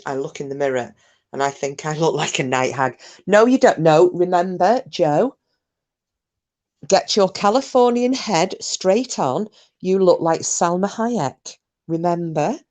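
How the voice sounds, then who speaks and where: A woman's voice: low voice, a little slow, darkish tone. A Scottish woman hosting a casual livestream, reading viewers' comments aloud and chatting back in a teasing, chatty way with mild swearing. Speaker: livestream host.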